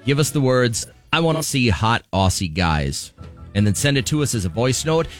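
A man's voice: medium pitch, big pitch swings, normal speed, faint music behind. A man co-hosting a morning radio show, chatting upbeat and reading contest promos. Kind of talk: casual radio banter.

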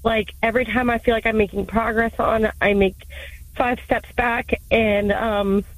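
A woman's voice: fairly high pitch, steady tone, normal speed, dry recording, low-quality recording. Tearful woman caller in her thirties. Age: 30s. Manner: hesitant, lots of 'like' and 'um', emotional. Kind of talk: call-in question.

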